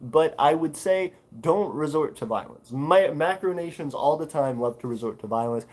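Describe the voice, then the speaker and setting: A man's voice: fairly high pitch, animated, normal speed, darkish tone, low-quality recording. A man hosting a casual livestream, reading chat comments and answering with lots of fillers and restarts. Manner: rambling, many fillers, reads chat aloud. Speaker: livestream host.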